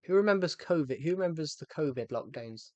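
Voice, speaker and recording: A man's voice: a little high, animated, a little fast, no echo, lo-fi sound. A young man, chatting casually with his viewers during a livestream and often repeating himself. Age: 20s. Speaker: game streamer.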